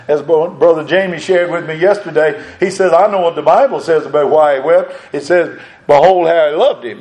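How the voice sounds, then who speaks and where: A man preaching a sermon, his voice sitting on the higher side. He builds his points through repeated phrases, climbing to loud high peaks and then sinking low and quiet. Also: rough recording. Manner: preaching with rises and drops in pitch and volume; repetitive, emphatic phrasing.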